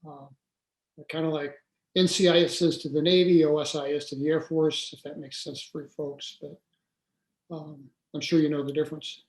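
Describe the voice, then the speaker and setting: A man's voice: on the high side, level tone, moderate pace. Older man telling a story, echoey room. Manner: conversational, many fillers and restarts. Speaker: interview guest. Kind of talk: casual storytelling interview.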